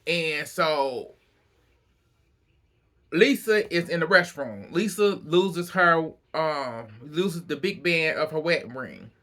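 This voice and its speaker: A man recapping a reality show episode in casual, animated storytelling, acting out the cast's lines and often breaking into laughter. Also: a little high, slow. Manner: animated storytelling, acts out cast quotes, laughs a lot.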